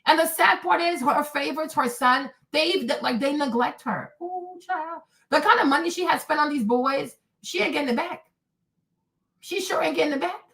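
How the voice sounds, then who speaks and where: Young woman going off to her stream viewers, fired up, voice up high. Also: normal speed, creaky. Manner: animated, indignant, talks to viewers as y'all. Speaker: livestream host. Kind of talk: casual storytelling rant to viewers.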